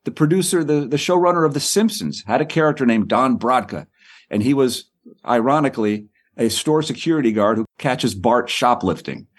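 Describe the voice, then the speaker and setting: Husky middle-aged man, author guest, animated storyteller, stumbles over words. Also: medium pitch. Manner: quick, repeats words and acts out quoted people.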